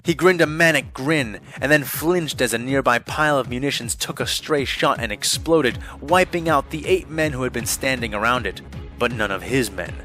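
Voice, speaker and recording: A man narrating an audiobook with a bright, forceful tone and mid-range pitch. His storytelling is steady and dramatic, with faint music playing underneath. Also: moderate pace, low-quality recording.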